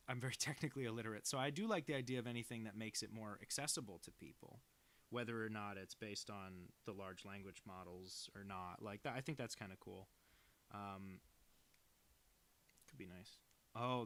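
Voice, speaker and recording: A man's voice: fairly low pitch, a bit bright. A young adult man chatting casually and rambling, self-deprecating, while he draws on a stream. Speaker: cartoonist streaming. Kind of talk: casual chat while drawing.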